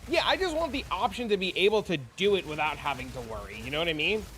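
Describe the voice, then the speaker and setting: Fast and sharp-toned, with a high voice and lively intonation, a father of young kids tells animated stories in loose, profane livestream chat on a game stream. Slight background noise is present.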